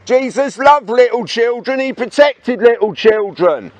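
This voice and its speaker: Street protester, male, very high voice, slow badgering delivery. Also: expressive, no echo, lo-fi sound. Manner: badgering, repeatedly demanding "eh?" in challenge. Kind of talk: confrontational outdoor harangue. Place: outdoors by the sea.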